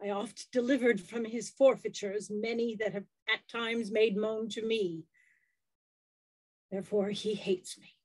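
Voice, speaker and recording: A woman reading the part of a weary male merchant in an unrehearsed play reading, measured and grave. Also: on the high side, steady tone, a little mellow, no room sound, rough recording. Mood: resigned.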